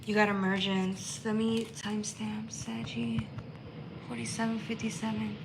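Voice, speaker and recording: A woman's voice: fairly high pitch, little pitch movement, unhurried, gravelly, noisy background. A woman giving a tarot reading on a live stream, talking in an emphatic, emotional way and swearing freely. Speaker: tarot reader.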